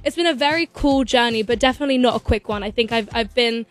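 A woman's voice: on the high side, soft background music. A young woman, chatting as a guest in a bubbly, gushing way, full of "like"s. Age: young adult. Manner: bubbly, gushing, fast-talking with many "like"s. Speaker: singer and actress guest. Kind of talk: bubbly casual interview chat.

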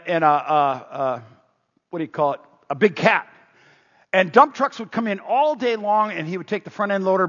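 A man preaching a sermon, telling a story in a chatty way with restarts, and rising loud on points of emphasis. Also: high-pitched. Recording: dull echoey hall.

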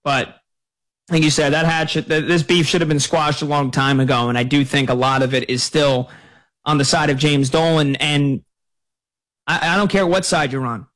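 Male sports radio host, slightly higher voice, relaxed conversational delivery. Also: normal speed. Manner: conversational, chatty. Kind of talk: sports radio call-in talk.

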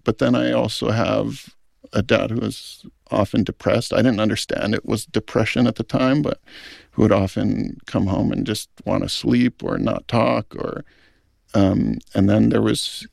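A man's voice: fairly low pitch, creaky, a little mellow, dry recording, studio quality. A middle-aged man, a film director, speaking in an earnest, thoughtful interview. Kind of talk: reflective interview talk.

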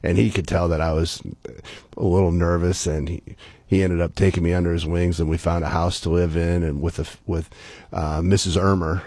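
A middle-aged man, a former baseball player, telling stories as a guest in casual talk, animated and acting out the people he quotes. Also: sits low, brisk, no room sound. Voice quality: gravelly, husky. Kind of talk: casual storytelling.

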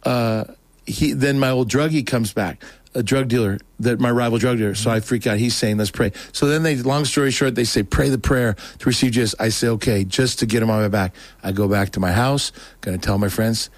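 A man's voice: medium pitch, fairly quick, no echo. A man as a guest telling a long personal testimony story, rambling, restarting, and acting out quotes.

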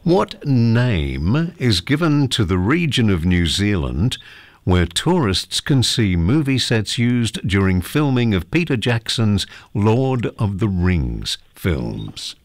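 A man's voice: lowish voice, very animated, slow pace, no room sound. A man with an Australian accent hosting a casual phone-in radio show, chatty and jokey. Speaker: radio host.

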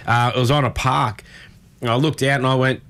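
A man's voice: mid-range voice, fairly even intonation, fairly quick, a bit bright. An Australian man co-hosting a casual chat, telling rambling, laid-back stories full of fillers.

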